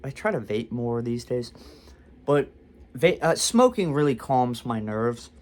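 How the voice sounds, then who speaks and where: A man's voice: medium pitch, lively intonation, unhurried. A man telling a storytime story to camera, rambling and self-deprecating with frequent restarts. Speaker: vlogger. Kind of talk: storytime monologue.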